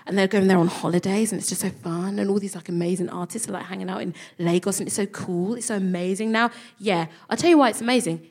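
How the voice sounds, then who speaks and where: Animated London woman telling comic stories. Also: mid-range voice, quick pace, hardly any pauses. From London, England. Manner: animated, swears freely, acts out voices. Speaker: co-host. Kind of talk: comic storytelling before a live audience.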